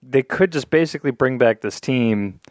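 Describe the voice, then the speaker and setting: A man's voice: mid-range voice, lively intonation, moderate pace, no room sound, clean studio sound. A man co-hosting a casual sports podcast, thinking aloud in an analytical way. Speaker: podcast co-host.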